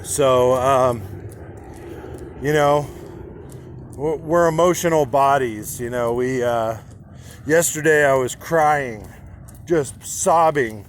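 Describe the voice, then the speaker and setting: A man speaking candidly to his own camera, halting with restarts and casual swearing, in an inspirational personal monologue. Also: mid-range voice, slight background noise. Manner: halting, with frequent restarts and fillers.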